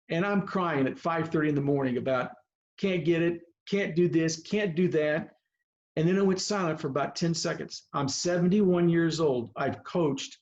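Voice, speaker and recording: An older man in his seventies, a longtime baseball coach, tells stories with earnest feeling and often restarts his sentences. His voice sits a little high for a man. It comes through a slightly muffled video call. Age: 70s or older. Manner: earnest, heartfelt, rambling with restarts. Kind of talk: personal storytelling on a video call. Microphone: video call microphone.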